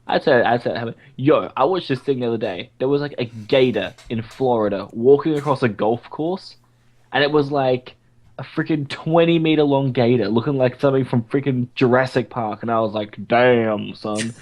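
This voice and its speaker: A man's voice: medium pitch, a little fast, darkish tone. A young man with an Australian accent, a guest on a casual podcast, joking and teasing in slang-heavy banter over a home computer mic.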